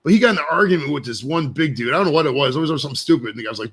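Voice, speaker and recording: Man, co-host, casual storyteller, rapid talk, somewhat high voice. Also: lively intonation, a bit bright, breathy edge. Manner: quick storyteller, says "bro" often. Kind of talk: casual chat.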